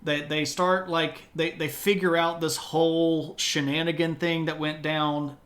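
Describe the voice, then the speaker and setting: A man with a slightly raised pitch tells history as a casual live stream. His delivery is loose and conversational, full of dry asides. It sounds like a home streaming setup rather than a studio. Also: a bit bright.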